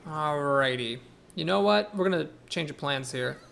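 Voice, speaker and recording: Gravelly man thinking aloud over gameplay. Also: on the high side, expressive, moderate pace, a bit bright. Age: young adult. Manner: thinks aloud, weighs plays, self-corrects. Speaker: streamer playing a card game. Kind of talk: live gameplay commentary.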